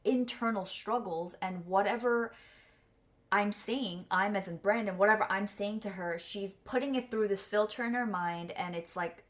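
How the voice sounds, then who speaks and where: A woman's voice: mid-range voice, normal speed. A young woman telling a personal story candidly, full of fillers and close to tears. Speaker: vlogger and coach.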